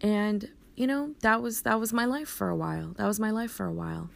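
Gravelly-voiced woman telling her story. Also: medium pitch, fairly quick. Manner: earnest, retells dialogue, frequent restarts. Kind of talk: personal story told in conversation.

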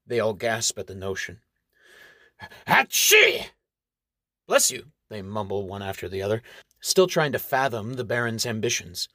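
Man, audiobook narration, measured, dry close recording. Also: medium pitch, a bit bright, no echo.

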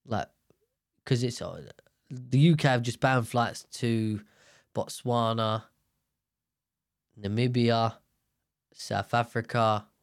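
A man's voice: medium pitch, slow, long pauses, dry recording, clean studio sound. A young man telling a rambling, self-mocking story in a casual monologue.

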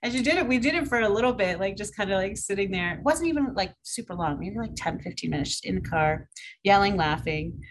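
A woman's voice: medium pitch, expressive, brisk, slight background noise, rough recording. Chatty laughing woman telling a story. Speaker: podcast co-host. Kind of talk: casual chat.

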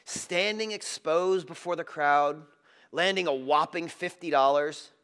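A man preaching a sermon, moving between loud, emphatic lines and soft, hushed passages. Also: fairly high pitch, unhurried, clean tone. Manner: dramatic, swinging from loud emphasis to hushed tenderness. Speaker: pastor.

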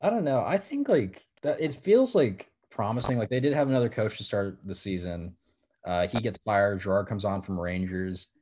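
Low-voiced man, excitable and full of "like". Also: normal speed, breathy edge. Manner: excitable, fills every phrase with "like". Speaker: podcast co-host. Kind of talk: casual sports chat.

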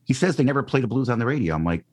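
A man's voice: mid-range voice, sing-song, very fast, darkish tone, soft background music. A middle-aged man from the Chicago area, a radio DJ telling a story in a casual interview, acting out quotes with lots of ums and restarts. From Chicago area, Northwest Indiana. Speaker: radio DJ guest.

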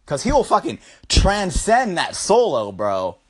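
A man's voice: high voice, huge pitch swings, unhurried. A young man telling a crude, profane comic story loosely, dropping "bro" constantly and making goofy sound effects. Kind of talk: crude comedic storytelling rant.

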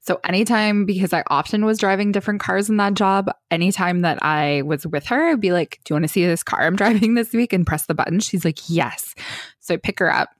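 A woman's voice: mid-range voice, a little fast, dry recording, studio quality. A woman co-hosting a casual chat, telling a story with lots of laughter and acted-out quotes. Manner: animated storyteller who acts out quotes and laughs often.

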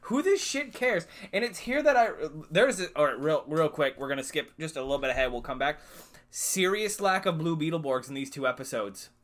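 A woman co-hosting a podcast in casual chat, swearing and sarcastic, jumping in with quick asides. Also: low voice, expressive. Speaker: podcast co-host. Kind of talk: casual chat recapping a TV show.

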